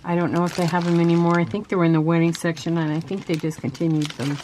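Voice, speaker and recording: Woman, lower voice, relaxed craft-video host, soft asides, light background hiss. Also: fast. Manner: soft-spoken, chatty, trails off while working. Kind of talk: casual crafting tutorial.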